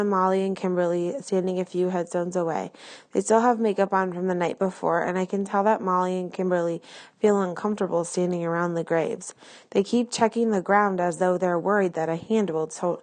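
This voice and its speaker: A woman narrating a first-person audiobook in a plain, even storytelling manner. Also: fairly low pitch, moderate pace.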